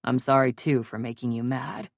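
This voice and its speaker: A woman voicing a rough, sheepish young male hockey player who is hungover, his voice low and rasping in an audiobook. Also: normal speed, dry recording, clean studio sound. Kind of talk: audiobook character reading.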